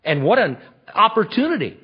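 A man's voice: sits high, big pitch swings, fairly quick, husky, voice pushed up, heavily acted. A man voicing an indignant, bold young man with an incredulous, rising delivery. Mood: eager. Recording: dull lo-fi recording.

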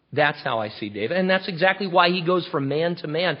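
A man preaching a sermon in an animated, conversational, emphatic way. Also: on the high side, a little fast, few pauses, breathy edge. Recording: dull lo-fi recording.

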